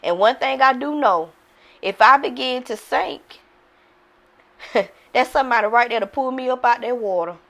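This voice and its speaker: Frank, higher-voiced woman coach. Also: moderate pace, pauses often, a bit bright. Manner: frank and repetitive, often calling out to listeners. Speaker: mindset coach. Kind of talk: candid motivational talk.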